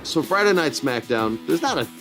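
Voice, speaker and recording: A man's voice: a little high, big pitch swings, normal speed, a bit bright, faint music behind. A man co-hosting a podcast, chatting casually through a wrestling recap and acting out the quotes in shifting voices. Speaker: podcast co-host.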